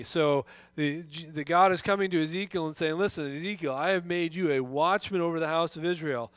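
A man's voice: fairly high pitch, clean tone, no room sound. Middle-aged man, pastor giving a sermon; hesitant, restarts a lot, leans hard into scripture readings; dry, close sound. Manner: halting, restarts often, reads scripture with rising emphasis.

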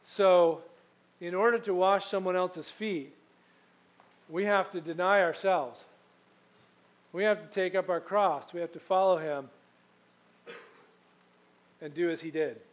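High-voiced man preaching a sermon. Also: fairly even intonation, unhurried, pauses often, rough recording. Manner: conversational storytelling, reads scripture aloud. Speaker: pastor.

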